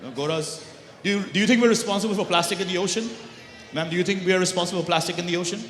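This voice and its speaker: A man's voice: sits high, racing, fairly bright tone. A man from Pakistan doing stand-up comedy, bantering with the crowd and slipping between English and Urdu. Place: large banquet hall. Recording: echoey banquet hall with long reverb.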